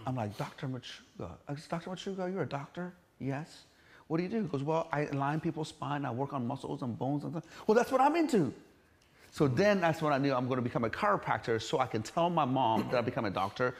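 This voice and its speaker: A man's voice: mid-range voice, fast. A middle-aged man from Iran, a gym entrepreneur telling his story in an interview, blunt and emphatic, swearing and acting out quoted voices.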